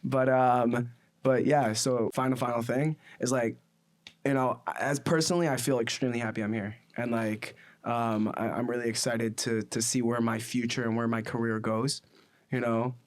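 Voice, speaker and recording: A young man from the United States hosts a casual podcast and tells his own stories. He talks in an animated, rambling way and leans on fillers. His voice sits at an everyday middle pitch. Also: moderate pace. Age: 20s. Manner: rambling and animated, with many fillers like "you know what I mean". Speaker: podcast host.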